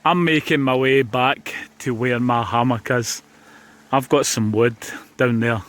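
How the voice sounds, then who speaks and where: A man's voice: mid-range voice, fairly even intonation, unhurried, fairly bright tone. A man with a Scottish accent, chatting casually to viewers while wild camping outdoors on a beach. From Scotland. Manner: chatty, addresses viewers as guys. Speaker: vlogger. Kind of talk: casual outdoor vlog chat.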